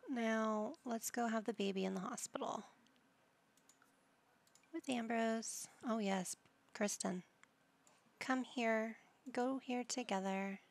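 A woman's voice: on the high side, slow pace, creaky, pauses often. A woman giving casual commentary over her life-simulation gameplay, chatting to her game characters as she plays. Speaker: gameplay channel host.

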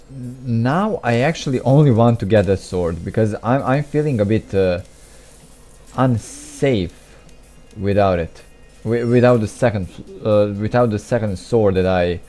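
A young man talks through a game in a slow, unhurried way, with a soft, mellow tone. He mutters, restarts his sentences and makes self-deprecating asides. Faint game music plays behind him. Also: fairly low pitch. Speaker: gameplay commentator. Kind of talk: casual gameplay commentary.

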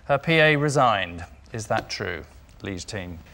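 A man's voice: fairly low pitch, animated, unhurried, vocal fry. A man hosting a comedy panel show, reading the rounds with dry, wry asides. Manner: dry, wry delivery with chuckles. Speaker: quiz show host. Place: TV studio with a studio audience. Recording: studio audience and loud noise behind.

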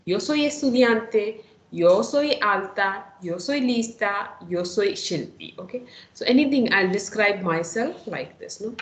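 A woman's voice: medium pitch, animated, a little slow, roomy sound, low-quality recording. A woman teaches a Spanish lesson, explaining step by step and often checking in with "no?" and "okay?". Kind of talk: online lecture.

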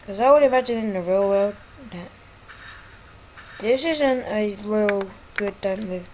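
A woman giving jokey, excitable commentary as she plays a video game, often breaking into exclamations. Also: mid-range voice, measured pace, a little hiss or hum, poor audio. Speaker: gaming YouTuber. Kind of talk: gameplay commentary.

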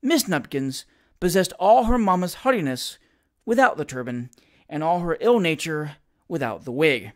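Here a reader performs a classic comic novel as an audiobook, expressive and theatrical, speaking in a mid-range voice at a moderate pace.

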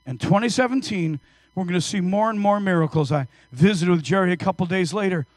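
A man in his fifties preaching a sermon in church, telling stories energetically and swinging between hushed and loud. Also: sits high, fairly quick, no echo. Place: church service.

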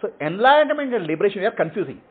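Brief: male teacher, high lively voice, husky, checks "okay?" often. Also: rapid-fire. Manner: explains in short repeated phrases, checking with "okay?". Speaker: spiritual teacher. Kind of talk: teaching answering questions. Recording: tinny phone-like audio.

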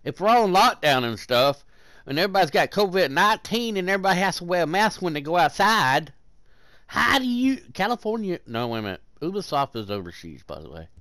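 A man giving rambling, joking commentary over his gameplay, swearing often and jumping between loud bursts and mumbled asides, wired on caffeine. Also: a little high, sing-song, fast, no room sound.

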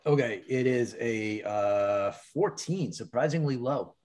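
A man's voice: medium pitch, slow pace, a little mellow. A man playing in a tabletop game, casual and self-deprecating. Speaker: player.

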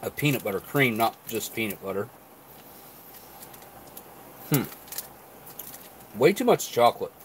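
A man's voice: fairly low pitch, unhurried, pauses often, a little hiss or hum. A man casually reviewing rations on a live stream, thinking aloud between bites. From not Canadian. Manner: relaxed, thinking aloud while eating and chewing. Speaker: food reviewer.

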